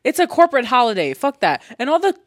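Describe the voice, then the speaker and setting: A woman's voice: high-pitched, sing-song, quick pace, crowd noise. A woman co-hosting a casual chat, laid-back, teasing and profane.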